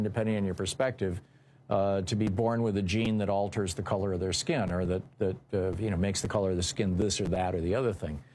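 A man hosting a political talk show, giving unscripted commentary in a halting way, with many fillers and restarts. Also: lowish voice, darkish tone. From United States.

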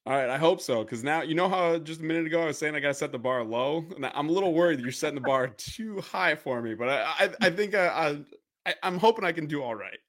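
A man who is a guest contestant on a quiz, talking in a relaxed, easygoing and slightly self-deprecating way. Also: on the high side, quick pace. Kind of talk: casual chat.

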